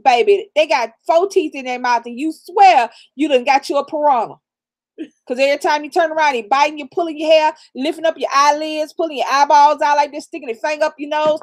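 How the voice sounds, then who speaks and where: High-pitched woman, middle-aged, raised in the South, blunt and profane, casual stream chat. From raised in the American South. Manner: blunt, profane, preachy real talk with laughter. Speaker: channel co-host.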